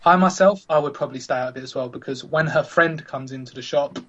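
A man's voice: fairly high pitch, fast, fairly bright tone, dull audio, a little hiss or hum. A man hosting a casual podcast chat, teasing his co-hosts and setting up scenarios. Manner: teasing, chatty, sets up scenarios. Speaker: podcast host.

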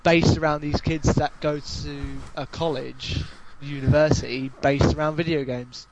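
Sweary southern English man, higher voice. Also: unhurried, dull audio, a little hiss or hum. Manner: sweary, jokey, animated storyteller. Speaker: podcast guest. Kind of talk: casual podcast chat.

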